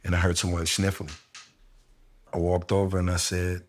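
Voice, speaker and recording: A middle-aged man in a candid conversation, telling a personal story slowly and reflectively with casual slang. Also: low-pitched, monotone. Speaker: interviewee sharing a personal story.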